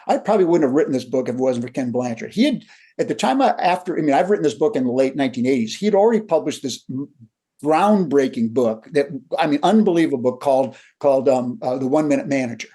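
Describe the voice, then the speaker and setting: Older guy coaching on leadership, acts out the quotes in his stories, kinda husky. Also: mid-range voice, quick pace. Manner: animated storyteller who acts out quotes. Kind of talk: conversational storytelling.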